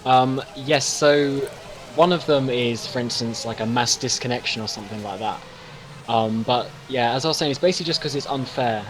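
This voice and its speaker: A man's voice: medium pitch, moderate pace, a little hiss or hum. A man co-commentating a live race, speaking hesitantly with many fillers. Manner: hesitant, many ums and uhs. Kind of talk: live sim racing commentary.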